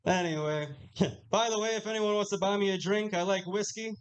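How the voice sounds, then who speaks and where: A young man with a high voice tells jokes at a casual, offhand clip from a small lounge stage. He swears freely and laughs at his own jokes. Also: fairly even intonation, a little fast, smooth, low-quality recording. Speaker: stand-up comedian. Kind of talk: live stand-up set.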